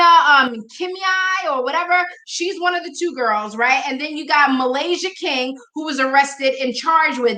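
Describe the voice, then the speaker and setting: A woman's voice: high-pitched, bright, forceful tone. A woman hosting a casual live chat show, outspoken and exclaiming, laughing often. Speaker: show host. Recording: echoey room.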